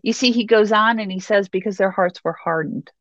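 A woman's voice: medium pitch, a little fast, fairly bright tone, no echo, highs cut off. A woman preaching a sermon in a conversational way, often checking in with "okay" and "you know".

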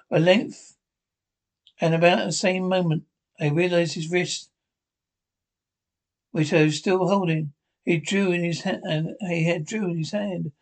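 Husky man reading a story aloud. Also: high voice. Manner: unpolished reading with slips and restarts. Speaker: reader. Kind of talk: reading a classic novel aloud.

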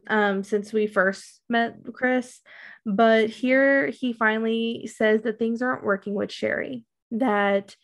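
A woman chatting casually as a podcast co-host, walking through a recap in a rambling way. Her voice sits a little high for a woman, and she leans on "um" and "like" as she goes. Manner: rambling, many fillers and likes. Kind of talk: casual chat recapping a TV show.

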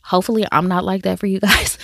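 A woman talks through a drama she watched in a lively, slangy, storytelling way, full of asides to her listeners. Her pitch sits in a middle range, and the sound is dry and close with no room in it. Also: fast talker, vocal fry, no echo. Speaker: drama review podcaster. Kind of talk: casual chat reviewing a drama.

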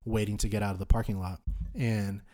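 Young dude w a lowish voice, slangy and sweary, telling a wild story on a podcast. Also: male voice, flat delivery, fairly quick, dark tone. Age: 20s. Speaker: podcast host. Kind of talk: storytelling in casual chat.

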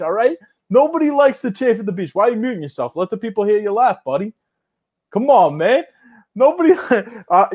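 A young man co-hosting a podcast in casual banter, loud and jokey as he reads an ad. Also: high-pitched. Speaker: podcast co-host.

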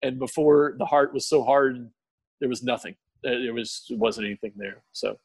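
A man giving an emotional personal testimony in a podcast interview, tearful, earnest and halting, with many restarts. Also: medium pitch, slightly rough, dry recording. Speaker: guest sharing testimony.

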